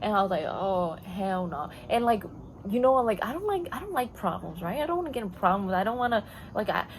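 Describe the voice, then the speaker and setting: A woman's voice: fairly high pitch, very animated, fast, a little hiss or hum, poor audio. Rambling, blunt woman telling a storytime. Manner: rambling, many fillers, blunt and profane; code-switches into Spanish. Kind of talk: casual storytime chat.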